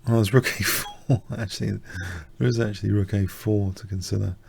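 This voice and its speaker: A tired man commentating his own blitz chess game live, muttering self-deprecating remarks and clearing his throat. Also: on the low side, steady tone, a little fast, darkish tone. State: slightly exhausted, coughing. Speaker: chess streamer.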